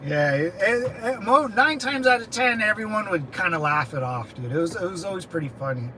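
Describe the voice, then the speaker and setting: Guy in his 30s rambling stories, kinda high voice, laughs a lot, noisy street sounds behind. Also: expressive, moderate pace, bright, forceful tone. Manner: loose, laughing, says dude and man a lot. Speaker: veteran channel host. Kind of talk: casual storytelling chat.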